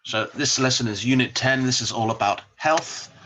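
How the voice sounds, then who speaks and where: A man teaching an English vocabulary lesson, saying each word slowly and repeating it for learners to copy. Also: mid-range voice, pushed and bright.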